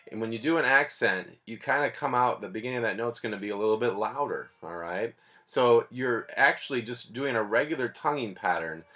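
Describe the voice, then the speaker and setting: A man's voice: on the low side, bright, forceful tone. A man teaching a band lesson in a patient, plainspoken, explanatory way. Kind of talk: music lesson.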